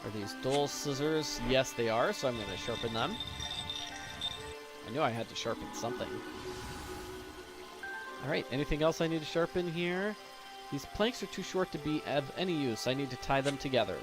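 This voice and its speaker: A man giving live, joking commentary as he plays a puzzle game, thinking aloud and getting excited. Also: medium pitch, moderate pace, pauses often. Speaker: gameplay commentator. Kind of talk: live let's-play commentary. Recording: commentary over game music.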